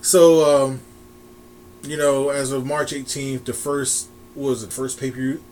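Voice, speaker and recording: A man's voice: mid-range voice, little pitch movement, a little slow, a little mellow. Guy rambling about wrestling news on a podcast, lots of restarts, faint hum behind him. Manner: rambling, restarts, laughs often. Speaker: podcast co-host. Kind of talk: casual wrestling chat.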